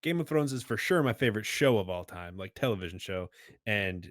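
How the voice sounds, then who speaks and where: A man's voice: fairly low pitch, lively intonation, fairly quick, dry recording. Chatty man podcaster, dry close sound. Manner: chatty, hedging with "like" and "you know", laughs along. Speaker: podcast co-host. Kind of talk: casual chat.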